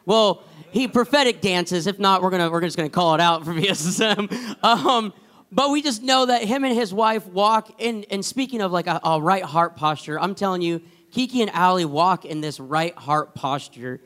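A man with a fairly high voice hosts a church meeting. He talks casually and eagerly, cracking jokes between speakers. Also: normal speed, fairly bright tone. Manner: enthusiastic and joking. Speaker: host introducing speakers.

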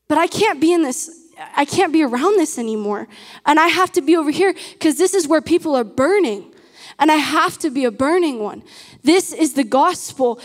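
A woman preaches with a high voice and an earnest, emphatic delivery, often turning questions on her audience. Her words ring out through a large hall with a long echo behind them. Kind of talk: sermon.

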